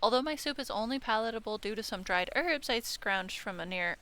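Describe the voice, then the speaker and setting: A woman's voice: a little high, animated, brisk, bright, forceful tone. A woman playing a visual novel, reading the narration aloud with casual remarks, stumbling and correcting herself. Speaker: let's-play streamer. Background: game music.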